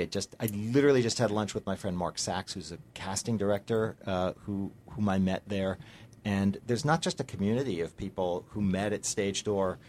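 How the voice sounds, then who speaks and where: A middle-aged man, a guest in a casual conversation, telling stories in a rambling, halting way and mocking himself. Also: on the low side, darkish tone, slight background noise. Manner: rambling storyteller, halting with fillers, self-mocking.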